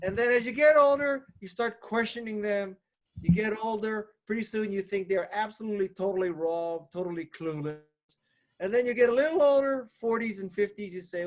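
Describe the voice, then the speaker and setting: A man's voice: high-pitched, fairly quick. A man in his fifties talking as an author guest on a podcast, joking and laughing at himself. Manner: self-deprecating, joking, laughs often. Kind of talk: casual interview chat.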